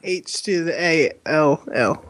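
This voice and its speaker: A man with a notably high voice co-hosts a casual podcast. He jokes in a rambling way and giggles often. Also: lively intonation, slow pace, a bit bright. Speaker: podcast co-host. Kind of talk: casual chat.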